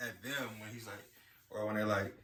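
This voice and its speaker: Low-voiced man in an echoey room. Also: fairly even intonation, a little fast, pushed and bright. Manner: rambling, many "you know"s. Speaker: podcast co-host. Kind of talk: casual chat. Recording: echoey room with faint ambience.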